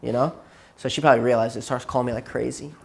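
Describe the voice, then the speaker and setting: Man, therapy session, rambling storyteller, burnt out, casual, mid pitch. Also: fairly even intonation, fast talker, vocal fry. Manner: rambling, repeats himself, acts out quotes. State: burnt out and tired.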